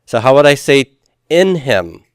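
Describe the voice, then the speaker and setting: A man's voice: medium pitch, sing-song, a little slow, dry recording, studio quality. A male teacher, giving a patient classroom lecture and leading his students through call-and-response drills.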